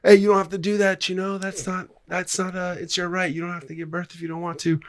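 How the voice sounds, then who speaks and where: A man's voice: high-pitched, flat delivery, fast talker, dry recording, voice pushed up, lightly acted. A man doing an earnest, pleading protester. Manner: pleading, raised and insistent.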